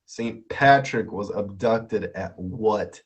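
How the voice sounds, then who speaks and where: A man's voice: lowish voice, takes it slowly. A man hosting a live stream quiz in a playful way, laughing often and repeating himself.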